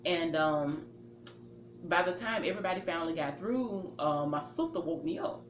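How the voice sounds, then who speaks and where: A woman with a lower voice tells a personal story in an easy, casual way. She acts out her own reactions and leans on fillers like "you know" and "um" as she talks. The room is echoey, with a faint hum of ambient noise behind her. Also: expressive, moderate pace.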